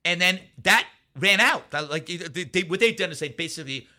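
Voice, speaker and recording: A man's voice: high voice, expressive, normal speed, pushed and bright. A man as a guest in a casual interview, telling anecdotes in a rambling way with many restarts and asides.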